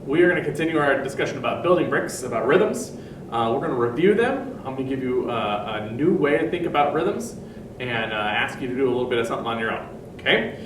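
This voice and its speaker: A man's voice: medium pitch, expressive, quick pace, roomy sound, recorded from a distance, background noise. A man teaching a recorded music lesson to young children, patiently explaining step by step and chanting rhythm syllables.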